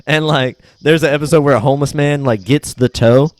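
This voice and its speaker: A man's voice: a little high, steady tone, fairly quick, no echo. A young man co-hosting a podcast in casual chat, retelling sketches animatedly in goofy voices and swearing freely. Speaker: podcast co-host.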